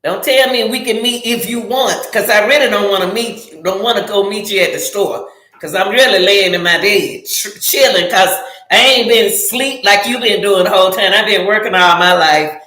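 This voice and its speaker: Middle-aged woman host, outspoken and straight-talking, bright voice, roomy echo. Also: medium pitch, moderate pace. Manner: blunt, animated, outspoken with dialect slang. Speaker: channel host. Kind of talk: casual advice talk. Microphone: phone or camera, livestream.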